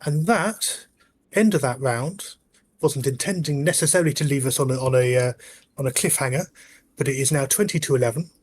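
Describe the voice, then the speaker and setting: Unhurried man running a tabletop game. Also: on the high side, darkish tone, a little hiss or hum. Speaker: game master.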